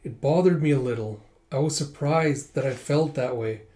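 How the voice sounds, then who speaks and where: A man voicing a gentle, earnest young princess in a manga readthrough, speaking softly and sincerely. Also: medium pitch, moderate pace, lightly acted.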